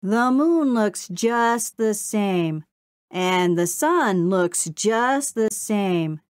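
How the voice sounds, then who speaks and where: A woman voicing a folksy old male beaver who speaks with a slow drawl. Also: mid-range voice, lively intonation, dry recording, studio quality, pitched above the performer's own voice. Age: older.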